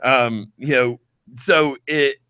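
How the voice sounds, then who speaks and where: A man's voice: mid-range voice, fairly even intonation, takes it slowly, bright, forceful tone, clean tone. A man with a Georgia accent hosting a casual panel chat, blunt and profane, with frequent ums. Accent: Georgia, US South. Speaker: podcast host.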